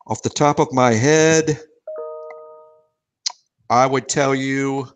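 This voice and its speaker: A man's voice: medium pitch, fairly even intonation, slow pace, pauses often, a little hiss or hum. A man hosting a podcast, talking in a dry, wry, self-deprecating way. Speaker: podcast host. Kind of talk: casual chat.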